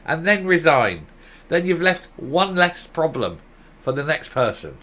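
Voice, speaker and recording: A man's voice: on the high side, sing-song, unhurried, sharp tone. A man doing an opinionated political commentary vlog, sarcastic and exasperated, with mocking asides.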